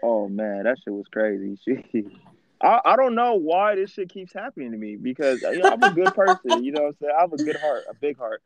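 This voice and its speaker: A man's voice: fairly high pitch, huge pitch swings, brisk. A man co-hosting a podcast, telling a story in casual slang and laughing as he goes. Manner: slangy, laughs through his stories. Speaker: podcast co-host.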